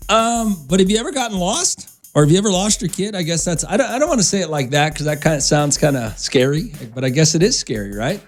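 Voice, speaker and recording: A man's voice: fairly high pitch, sing-song, fast talker, hardly any pauses, faint music behind. A male radio morning show host talking casually in a studio, telling loose, rambling stories straight to his listeners. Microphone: studio microphone.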